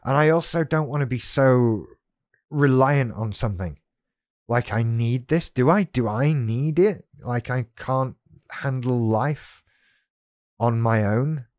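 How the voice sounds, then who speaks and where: A man's voice: medium pitch, slow, a little mellow, dry recording, clean studio sound. A man vlogging from his desk at home, thinking aloud in a frank, self-questioning monologue. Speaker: vlogger talking about BPD. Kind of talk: candid reflective monologue.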